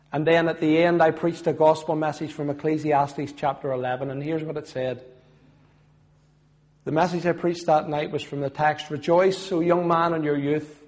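This former footballer from Northern Ireland is middle-aged and has a Belfast accent. Giving his testimony in sermon style, he's earnest throughout, his voice rising loudly on points of faith and then falling quiet and gentle.

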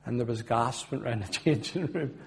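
A middle-aged man with a Belfast accent tells his testimony as a sermon, earnest, swelling loud on points of faith and then dropping low and soft. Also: normal speed, gravelly, slight background noise. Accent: Northern Irish, Belfast. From Northern Ireland. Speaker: former footballer giving testimony.

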